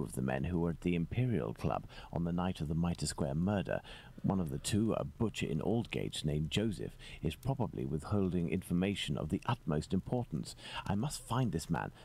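An actor playing Sherlock Holmes, a calm, inquisitive male detective, in a video game, speaking politely and in a measured way. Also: low voice, vocal fry, husky, full character voice.

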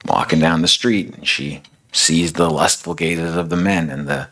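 Guy preaching like he's just telling a story, super low gravelly husky voice. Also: normal speed, sharp tone, low-quality recording. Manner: casual, filler-heavy retelling. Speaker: speaker. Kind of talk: storytelling sermon.

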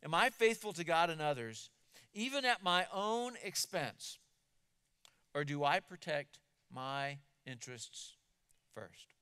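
Male pastor, higher voice, smooth and resonant, earnest emphatic sermon delivery. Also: big pitch swings, takes it slowly, pushed and bright. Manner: earnest, emphatic preaching with repeated words.

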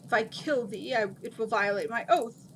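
A woman's voice: on the high side, normal speed, slight background noise, natural voice, low-quality recording. A woman voicing an ancient male jinn in a read-aloud storybook, speaking in grand, archaic declarations. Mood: grandiose.

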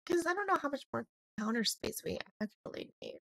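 Chatty woman gamer, slightly hoarse. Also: on the high side, very animated, fairly quick, a bit bright, a little hiss or hum. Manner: chatty, rambling, lots of "like". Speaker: gaming YouTuber. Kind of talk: let's play commentary.

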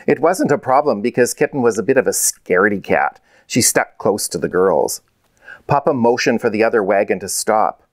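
A man, the author, reading his children's storybook aloud in a measured, clear way. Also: lowish voice, lively intonation, no room sound.

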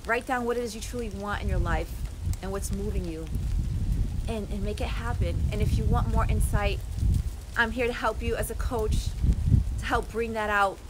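A woman life coach talking outdoors in a casual motivational vlog, warm, emotional and encouraging. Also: mid-range voice, fairly even intonation, normal speed, noisy background. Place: outdoors in the rain.

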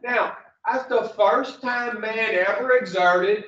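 A blunt man lectures a class in slow, folksy stories, joking and cursing as he goes. His voice is fairly high. He is heard from a distance in an echoey room on a dull, muffled recording. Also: fairly bright tone. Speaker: recovery program instructor. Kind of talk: folksy storytelling lesson.

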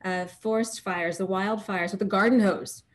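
A woman from Northeast Texas, a wine expert, speaking warmly and articulately with frequent ums on a video call from her bedroom at home. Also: medium pitch, fairly even intonation, normal speed. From Northeast Texas, USA. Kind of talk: live video interview.

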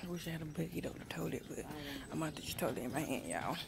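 A woman's voice: sits low, lively intonation, fast talker, gravelly, noisy background. A woman, a mother chatting to her viewers in a casual vlog while shopping in stores, calling them y'all. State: out of breath. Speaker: vlogger, mother. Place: stores and mall, indoors.

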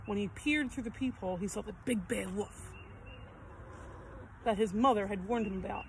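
A woman tells a children's story in a gentle, expressive read-aloud manner, at a middling pitch. Faint outdoor noise hums behind her. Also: normal speed, low-quality recording.

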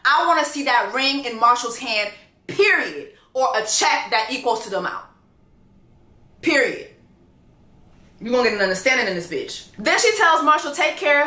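Loud, profane woman ranting, bright. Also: high-pitched, echoey room. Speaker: reality show reviewer. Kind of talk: casual reaction commentary.

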